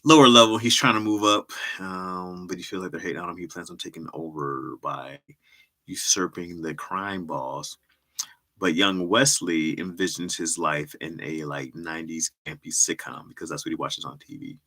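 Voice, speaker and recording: A man's voice: low voice, fairly even intonation, moderate pace, pushed and bright. A man hosting a livestream, chatting casually with viewers in a laid-back, slangy way and laughing often. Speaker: livestream host and comedy writer.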